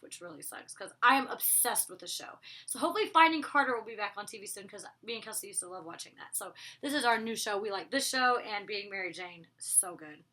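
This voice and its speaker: A woman's voice: mid-range voice, pushed and bright. A woman reviewing a TV episode in a casual vlog, rambling and chatty with many asides. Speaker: TV show reviewer.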